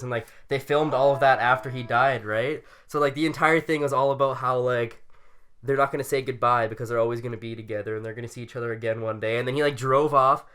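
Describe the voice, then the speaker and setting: Bright-voiced young man rambling in casual chat. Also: medium pitch, fairly even intonation, quick pace, clean tone. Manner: rambling, full of filler words, laughs often. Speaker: podcast co-host. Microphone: studio mic.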